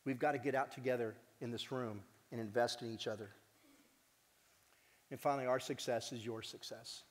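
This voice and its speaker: The organization's director gives a heartfelt conference talk, earnest and animated, and jokes with the audience now and then. He speaks at normal speed in a mid-range voice, with long hall reverb on the recording.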